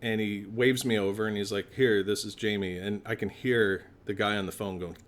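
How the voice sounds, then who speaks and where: A man's voice: lowish voice, fairly even intonation, moderate pace. Man telling a story, swearing freely. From Canada. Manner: swears a lot, acts out both sides of a phone call. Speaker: podcast co-host. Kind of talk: casual storytelling.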